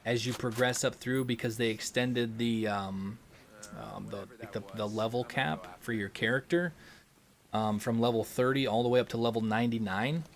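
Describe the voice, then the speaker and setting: A young man with a mid-range voice hosts a gaming livestream at normal speed, chatting casually and answering super chats. He's relaxed and rambling, full of ums and restarts.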